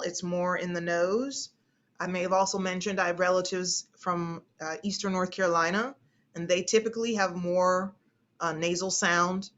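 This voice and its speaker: A woman's voice: fairly low pitch, pushed and bright. A woman speech instructor from the United States, teaching an online class in a chatty way and often repeating her phrases.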